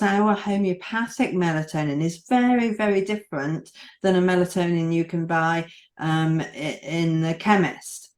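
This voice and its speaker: A woman's voice: deep voice, roomy sound. A woman hosting an interview, affirming her guest and steering the conversation. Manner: affirming, encouraging. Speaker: podcast host.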